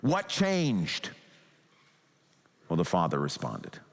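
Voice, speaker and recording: A man's voice: low voice, huge pitch swings, slow, vocal fry. A man preaching a sermon as a pastor, earnest and pleading as he talks. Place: church sanctuary. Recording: long hall reverb.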